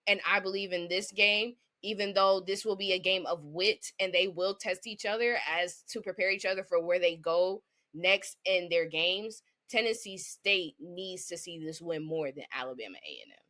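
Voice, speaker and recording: A woman co-hosting a casual sports podcast, her voice bright and forward though pitched somewhat low for a woman. She gives her takes in a confident, opinionated way. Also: moderate pace. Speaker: podcast co-host.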